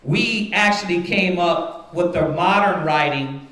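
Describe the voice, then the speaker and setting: A man with a high voice leads a Bible study at an unhurried pace. He explains his points step by step and keeps turning to his listeners to make sure they follow. The sound is roomy, with plenty of echo. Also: a bit bright. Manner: rhetorical, repeatedly checks with "right?". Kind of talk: teaching Bible study to a congregation. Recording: roomy echoing room.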